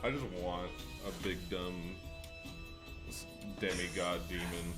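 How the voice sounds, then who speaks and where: A man's voice: low voice, slow, a bit bright, slightly rough, soft background music. A man playing a tabletop game, chatting casually and giggling through his lines. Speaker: player.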